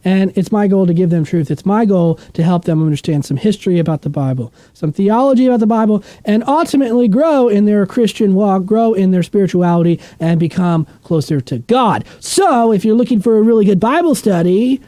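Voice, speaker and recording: Emphatic animated man teaching Bible. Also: high-pitched, a little fast, hardly any pauses, no echo. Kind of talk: casual Bible study talk.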